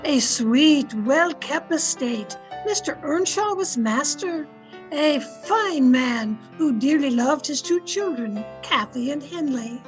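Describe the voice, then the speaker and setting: Woman as a deferential housekeeper, narrator, polite, high voice, radio drama. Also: animated, slow, soft background music, low-quality recording. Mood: narrating. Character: loyal, deferential old housekeeper who narrates. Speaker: narrator and servant. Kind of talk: 1930s-style radio drama acting.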